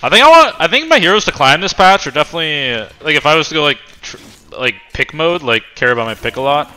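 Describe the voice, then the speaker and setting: A man's voice: fairly high pitch, lively intonation, fast talker, bright, forceful tone, clean tone. A man casually commenting on his own gameplay, joking and swearing loosely. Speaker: streamer playing a video game.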